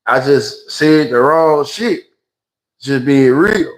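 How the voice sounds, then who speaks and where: A man's voice: mid-range voice, expressive, takes it slowly, low-quality recording. A man with a Memphis Southern accent telling a rambling, slangy story on a livestream, acting out other people's voices. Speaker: livestream host. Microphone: phone livestream.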